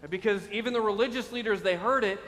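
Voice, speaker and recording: High-voiced preaching man in a reverberant hall. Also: fairly bright tone. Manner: emphatic preaching with slow stressed phrases and frequent "right?". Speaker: pastor. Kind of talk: sermon.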